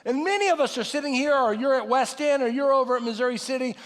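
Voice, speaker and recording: A man in his late fifties preaching a sermon in a folksy, animated way with self-deprecating asides. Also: extremely high pitch, quick pace. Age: 50s. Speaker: pastor. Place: large church hall. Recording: live sermon with long hall reverb.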